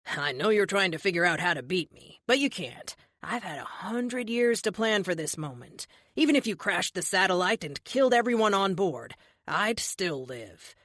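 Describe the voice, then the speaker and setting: A woman playing a smug, menacing male villain in an audiobook, speaking slowly and condescendingly. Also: lowish voice, animated, a bit bright, no room sound, studio quality. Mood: smug menace. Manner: slow, condescending, self-assured. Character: smug, menacing man, centuries-old villain.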